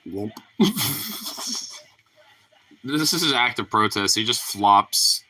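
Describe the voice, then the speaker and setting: A man chatting to his dog in a home vlog, with a playful, teasing manner and casual swearing. His voice is bright and forceful, and his pitch swings a lot. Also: lively intonation, takes it slowly, faint music behind. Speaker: dog owner.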